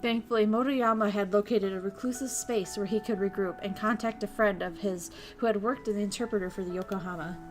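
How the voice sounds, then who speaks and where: A woman VTuber casually streaming a visual novel, reading it aloud with excitable, crude, giggly commentary. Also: medium pitch, fairly quick, hardly any pauses, music in the background. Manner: crude, excitable, laughs and swears often.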